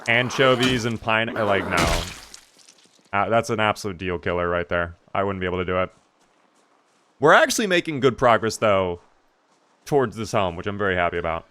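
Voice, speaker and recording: A man's voice: on the low side, expressive, normal speed, long pauses, sharp tone, slight background noise. A man streaming a game live, chatting casually and answering his chat as he plays.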